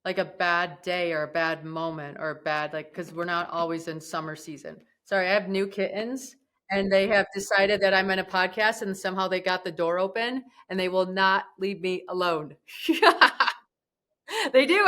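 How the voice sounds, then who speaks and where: A woman hosting a podcast interview, chatty and expressive, laughing easily. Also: mid-range voice, normal speed. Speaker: podcast host. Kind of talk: casual interview talk.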